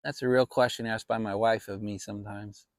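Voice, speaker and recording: A man's voice: fairly low pitch, steady tone, fairly quick, dry recording, studio quality. Rambling man hosting a fireside chat. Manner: rambling and reflective, with many restarts. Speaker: channel host. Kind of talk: casual fireside chat vlog.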